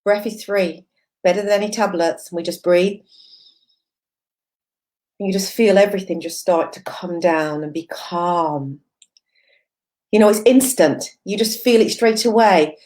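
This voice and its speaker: A woman's voice: mid-range voice, a little slow, a little mellow. A woman mindfulness coach giving an encouraging, conversational live-stream talk, repeating phrases and using many fillers as she reads viewer comments.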